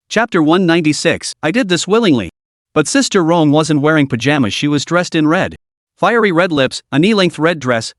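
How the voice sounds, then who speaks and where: A man narrating a story recap in a steady, even scripted delivery. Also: on the high side, dry recording, clean studio sound.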